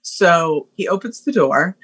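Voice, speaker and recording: Husky, animated woman telling a story. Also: lowish voice, measured pace. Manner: animated, acts out voices, laughs often. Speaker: podcast guest.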